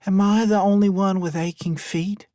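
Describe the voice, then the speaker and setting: A man's voice: high-pitched, steady tone, normal speed, dark tone, no room sound, clean studio sound, pitched above the performer's own voice, close to an everyday voice. A man doing Tina, a cheerful woman friend. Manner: cheerful, grinning.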